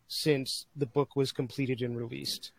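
A man's voice: mid-range voice, flat delivery, a little slow, vocal fry, breathy edge, dry recording. A man hosting an interview show, asking questions in an encouraging way with easy laughter. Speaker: podcast host. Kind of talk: casual interview talk.

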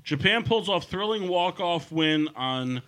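A man hosting a casual podcast chat with a bright, sharp voice that swings widely in pitch. He is crude and joking and keeps steering the conversation. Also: lively intonation, unhurried. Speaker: podcast host. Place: studio.

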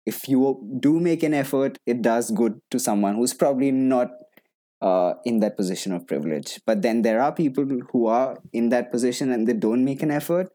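Guy chatting, mellow warm tone, jumps around, laughs a lot. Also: mid-range voice, normal speed. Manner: animated, laughs often, restarts mid-sentence. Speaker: actor guest. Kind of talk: casual conversation.

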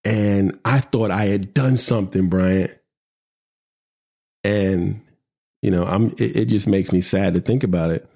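A middle-aged man with a fairly low voice hosts a conversational podcast. He tells stories animatedly, acting out the quoted lines in his own voice. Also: a little slow, vocal fry, pauses often. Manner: animated storyteller, acts out quoted dialogue. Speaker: podcast host. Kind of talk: conversational podcast talk, then reading a poem.

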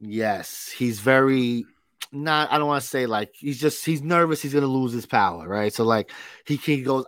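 A man's voice: mid-range voice, normal speed, a bit bright, no echo, clean studio sound. Rambling casual male podcast co-host. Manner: rambling, filler-heavy, profane. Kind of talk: casual chat.

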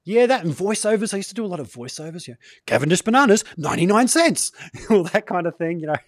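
A man's voice: sits high, animated, rapid-fire, a little mellow, dry recording. Chatty Australian man hosting. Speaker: interview host. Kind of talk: casual video interview.

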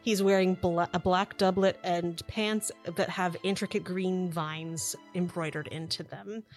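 A woman's voice: fairly low pitch, fairly even intonation, measured pace, soft background music. A woman narrating as game master for a tabletop game, descriptive and lightly joking.

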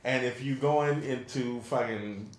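A man's voice: medium pitch, unhurried, reverberant. A man from Southeast Louisiana, chatting casually and laid-back on a podcast. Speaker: podcast co-host. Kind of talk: casual chat.

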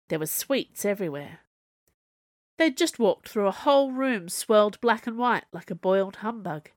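A woman narrating a story aloud in an expressive, wry manner. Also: medium pitch, no echo, studio quality. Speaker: audiobook narrator.

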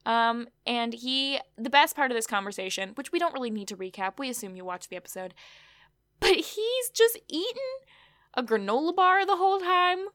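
A woman's voice: high-pitched, big pitch swings, moderate pace, fairly bright tone, no room sound, clean studio sound. A woman co-hosting a casual chat, recapping an episode with wry asides and lots of fillers. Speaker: podcast co-host.

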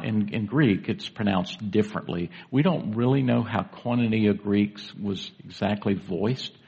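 A man's voice: fairly low pitch, creaky, husky, highs cut off. A man preaching a sermon to a congregation in a church, in a conversational way, putting questions to the listeners. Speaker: pastor.

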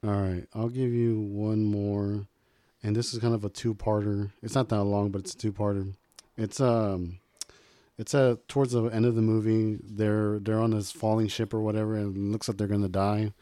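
Low-voiced man, swearing co-host. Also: flat delivery, moderate pace, dark tone, dry recording. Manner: chatty, swears casually. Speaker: podcast co-host. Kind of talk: casual movie chat.

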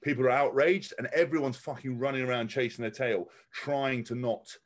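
A man's voice: mid-range voice, steady tone, normal speed. A man speaking as a podcast guest, blunt and outspoken, swearing freely and often restarting his sentences. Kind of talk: casual podcast conversation.

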